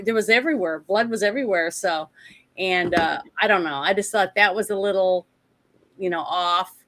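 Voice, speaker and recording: A woman's voice: medium pitch, fairly bright tone. Chatty woman rambling through a film. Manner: rambling, retells scenes with asides and laughs. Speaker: podcast co-host. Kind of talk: casual movie review chat.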